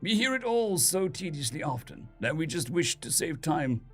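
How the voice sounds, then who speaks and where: Man voicing fallen angel ruler, male, sibilant, seductive, haughty, menacing, lively pitch. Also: normal speed, husky, soft background music. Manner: languid and haughty, formal old-fashioned phrasing.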